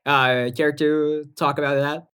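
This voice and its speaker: A woman's voice: deep voice, little pitch movement, measured pace, fairly bright tone, smooth. A woman co-hosting a podcast in casual chat, rambling with lots of fillers and restarts. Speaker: podcast co-host and music producer.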